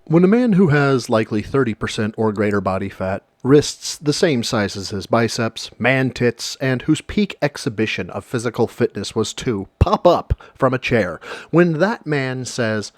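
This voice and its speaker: A man's voice: mid-range voice, animated, normal speed, no echo, studio quality. A man narrating a scripted commentary video in a sarcastic, mocking manner.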